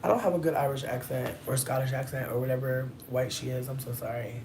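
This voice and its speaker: A woman in her thirties chatting casually on a livestream and answering chat, playful and profane, with drawn-out emphasis. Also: very deep voice, fairly even intonation, a little mellow, a little hiss or hum. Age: 30s.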